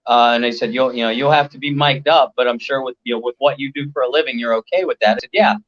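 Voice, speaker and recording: Co-host, man, relaxed and halting, mid-range voice, muffled lo-fi recording. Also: medium pitch. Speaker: podcast co-host. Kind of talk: casual chat. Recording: muffled, lo-fi sound.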